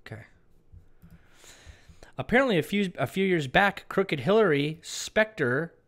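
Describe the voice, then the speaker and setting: A man's voice: sits high, animated, a little slow, fairly bright tone. A man delivering an emphatic political commentary monologue who often tags his lines with "okay". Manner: emphatic, repeats "okay" as a tag. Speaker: online commentator.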